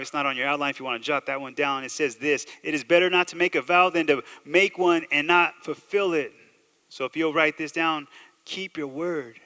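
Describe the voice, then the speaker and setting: A male pastor preaching a sermon with a bright, forceful voice pitched a little high. He moves between raised emphasis and soft, quiet asides. His voice rings out in a church hall with a long reverb tail. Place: church sanctuary.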